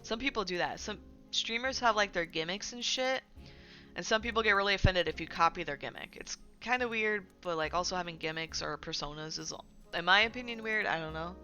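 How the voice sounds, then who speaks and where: A woman streaming, talking in a bright, forward voice that rambles with constant fillers and quick self-corrections. She sounds casual and chatty. Faint music plays softly behind her. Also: on the low side, muffled recording. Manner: animated and indignant when recounting drama. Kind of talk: casual livestream chat about community news.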